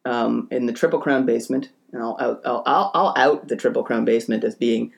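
Male podcast co-host, mid-pitched, blunt and opinionated, swears freely. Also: a little fast, gravelly, highs cut off. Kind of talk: casual chat.

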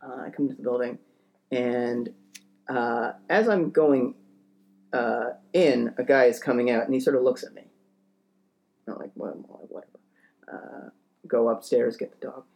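A man's voice: medium pitch, a little slow, vocal fry, long pauses, darkish tone, a little hiss or hum. A young man telling a funny story on a podcast in a rambling, hesitant way, full of fillers and self-deprecating asides. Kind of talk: casual comedic storytelling.

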